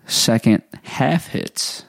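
A young man co-hosting a casual podcast, bantering excitedly about his football team. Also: very slow. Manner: excitable sports-fan banter. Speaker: podcast co-host. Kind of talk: casual chat between friends.

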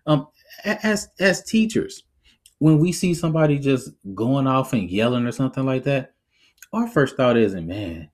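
A podcast host with a mid-range voice talks through his opinions at a moderate pace, casual, animated and reflective. He laughs easily and slips into acting out little quotes in a conversational way.

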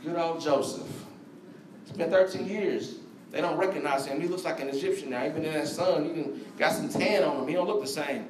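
High-voiced preacher in an echoey hall. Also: male voice, brisk, darkish tone, slight background noise. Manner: conversational, slangy, addresses congregation directly. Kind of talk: sermon. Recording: echoey room, voice from far off.

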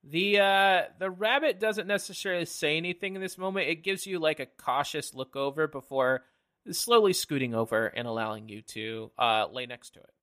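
A man narrating a tabletop game as game master, halting often with fillers as he describes the scene. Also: on the high side, pushed and bright.

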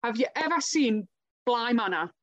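A woman's voice: a little high, lively intonation, normal speed, a crowd in the background. A woman in casual podcast chat, blunt and sweary, often laughing. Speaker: podcast participant.

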